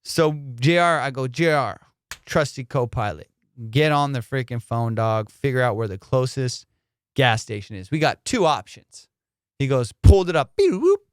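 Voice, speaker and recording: A male comedian hosting a podcast, telling a road-trip story in an excitable, slangy, profane way. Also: mid-range voice, moderate pace, clear, resonant tone, dry recording, clean studio sound. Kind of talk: animated storytelling.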